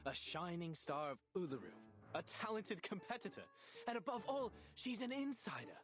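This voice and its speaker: A man's voice: high voice, big pitch swings, normal speed, fairly bright tone, faint music behind. An actor playing a feverish, overenergetic male civil servant with a theatrical, cartoon-villain delivery in a video game. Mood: manic scheming.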